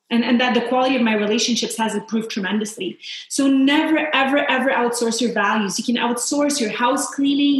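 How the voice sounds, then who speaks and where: A woman from Poland, a guest on a podcast, telling personal stories in an earnest, reflective way. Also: fairly high pitch. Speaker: guest, founder and coach for mothers. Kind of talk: heartfelt podcast interview. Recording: very echoey room.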